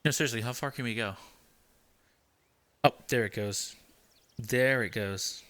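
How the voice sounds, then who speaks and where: A young man who hosts a game channel gives casual gameplay commentary, rambling with many fillers. He deliberately keeps his voice high, and his tone is bright and forceful.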